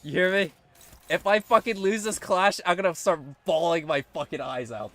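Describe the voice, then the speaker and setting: A young man live-streaming a game, swearing often and swinging between squealing pleas and low muttering. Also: normal speed, a bit bright. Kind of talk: live gameplay commentary.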